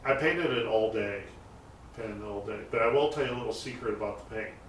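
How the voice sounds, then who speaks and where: A man's voice: fairly low pitch, brisk. A man chatting about custom car builds, rambling through his stories with frequent fillers and restarts. He is recorded from a distance in a roomy, echoey garage. A faint hiss sits under his voice. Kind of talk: casual interview talk. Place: garage shop. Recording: roomy echo, mic set far off, faint noise.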